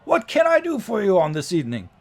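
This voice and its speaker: A man putting on a chipper high-voiced warforged coachman. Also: huge pitch swings, fast talker, vocal fry, heavily acted. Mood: cheerful, courtly. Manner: high, bright, cheerful and courtly. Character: genteel male warforged coachman, polite and chipper.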